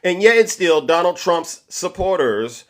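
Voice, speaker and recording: A man's voice: high-pitched, sing-song, unhurried. A man hosting a political commentary livestream, boastful and showy, with catchphrases. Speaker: livestream host.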